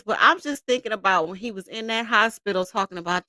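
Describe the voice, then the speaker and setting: A woman's voice: a little high, animated, moderate pace, few pauses, pushed and bright, no echo, clean studio sound. A woman hosting casual commentary, talking in slang and laughing often as she reacts to a video. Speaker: commentary channel host.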